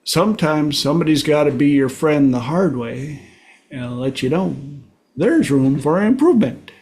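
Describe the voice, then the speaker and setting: A man hosting a casual group talk show, telling anecdotes in a lively way and acting out the voices of people in his stories. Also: on the high side, normal speed. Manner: animated storyteller, acts out voices in anecdotes. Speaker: host.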